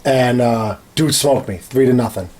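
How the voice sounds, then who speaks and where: A man in casual studio chat, giving a relaxed, profane blow-by-blow of an online match. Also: mid-range voice, normal speed. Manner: blow-by-blow recounting, laid-back and profane. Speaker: podcast co-host.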